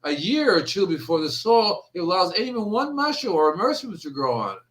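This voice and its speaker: A man with a bright, keen voice pitched a little high, hosting a gardening chat. He tells lively stories and acts out what his customers said, in an easy, casual flow. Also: fairly quick. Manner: animated storyteller, acts out quotes. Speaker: gardening show host.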